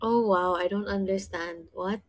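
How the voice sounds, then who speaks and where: A woman's voice: mid-range voice, steady tone, measured pace. A woman co-hosting a livestream, playing a word-guessing game playfully and laughing often. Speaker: livestream co-host.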